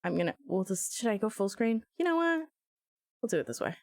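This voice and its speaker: A woman's voice: mid-range voice, fairly quick, no echo, studio quality. A woman live-streaming, chatting casually and jokily with her viewers, often breaking into squeals and laughter. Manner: animated, jokey, sudden squeals and laughs.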